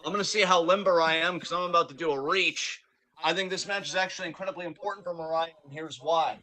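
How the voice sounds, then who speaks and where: Bright-voiced man calling wrestling play-by-play. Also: on the high side, quick pace. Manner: animated play-by-play, hyping wrestlers. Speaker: wrestling watch-along co-host. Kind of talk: live reaction commentary.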